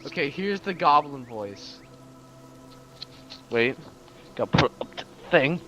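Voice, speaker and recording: A man's voice: on the high side, animated, slow, muffled recording, music in the background. A man playing a tabletop game, chatting casually in an eager, somewhat scattered way. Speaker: player.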